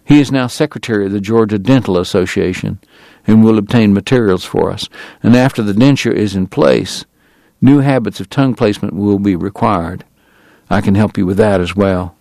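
A man's voice: lowish voice, moderate pace, creaky, warm tone, dry recording. A man reading the part of a genteel, long-winded dentist in a Southern drawl. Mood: formal. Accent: Southern US drawl, put on. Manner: formal, long-winded, precise.

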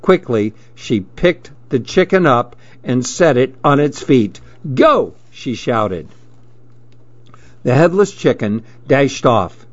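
Slow, steady male storybook narrator. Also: medium pitch, no room sound. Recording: dull lo-fi recording.

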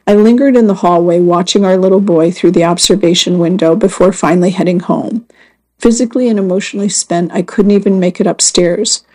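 A woman reading first-person magazine stories aloud as scripted narration, in a measured and earnest way. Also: fairly low pitch, fairly even intonation, a little mellow, low-quality recording. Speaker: magazine story reader.

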